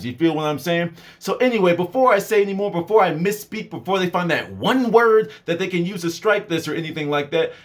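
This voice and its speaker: A man hosting his own channel, reading a law aloud and breaking off into animated, conspiratorial asides full of fillers, his voice tired from the reading. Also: high-pitched. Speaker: channel host.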